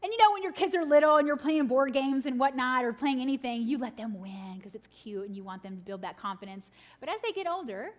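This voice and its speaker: A woman, preaching a sermon to mothers, swinging from laughing, animated stories to quiet, earnest points. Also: sits high, a little fast, hardly any pauses.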